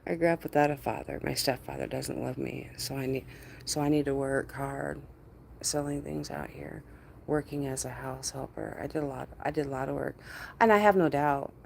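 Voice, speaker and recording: A woman's voice: rumbling low, steady tone, moderate pace, creaky, darkish tone, breathy edge. A woman hosting a casual livestream, greeting viewers by name, laughing often and mimicking others in quotes. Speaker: livestream host. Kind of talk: casual live-stream chat with viewers.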